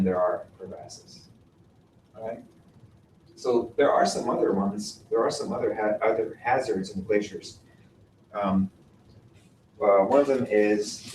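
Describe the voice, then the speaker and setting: A man giving a classroom lecture on glaciers, quizzing the class and explaining patiently. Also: on the low side. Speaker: mountaineering instructor. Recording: roomy, distant mic with faint noise.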